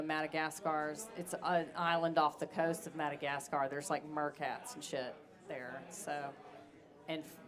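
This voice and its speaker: A woman singer-songwriter, talking candidly and bluntly between songs on a live stage. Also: sits low. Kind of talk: between-song stage talk.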